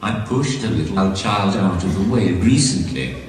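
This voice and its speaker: Deep synthetic male speech-device voice. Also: moderate pace. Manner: deadpan jokes typed on a speech device. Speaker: stand-up comedian. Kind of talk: stand-up comedy. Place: comedy stage in a large venue. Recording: echoey hall from far off.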